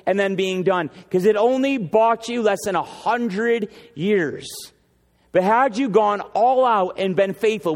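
In a church sanctuary, a high-voiced male pastor preaches an impassioned sermon, piling up repeated phrases and slowing right down for emphasis on each point. The hall's long reverb rings behind every phrase.

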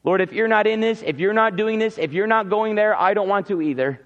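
Man, pastor, sermon, conversational, high voice, muffled lo-fi sound. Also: fairly quick. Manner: conversational, acts out the biblical characters' lines. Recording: reverberant, dull hall sound.

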